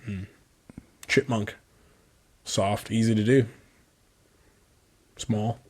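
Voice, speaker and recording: A man's voice: lowish voice, steady tone, extremely slow, breathy edge. A young man co-hosting a podcast, telling a rambling story in casual chat, full of "like" and swearing. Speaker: podcast co-host.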